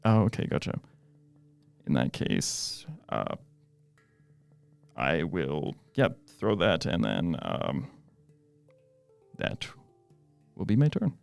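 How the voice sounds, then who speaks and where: A man's voice: deep voice, huge pitch swings, slow pace, creaky, pauses often, smooth, faint music behind. A man playing a tabletop game, talking hesitantly with many fillers as he decides his moves. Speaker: player. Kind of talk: casual tabletop game play.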